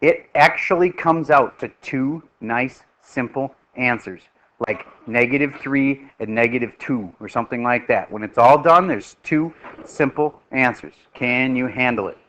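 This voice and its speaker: A middle-aged man teaching a math class, lively and joking as he quizzes his students. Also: mid-range voice, a little slow, lo-fi sound.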